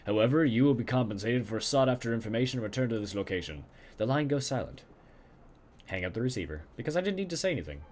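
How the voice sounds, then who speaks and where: A man's voice: medium pitch, animated, fast talker, darkish tone. A man playing a video game and reading its narration aloud, with muttered casual comments between passages. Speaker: let's play gamer.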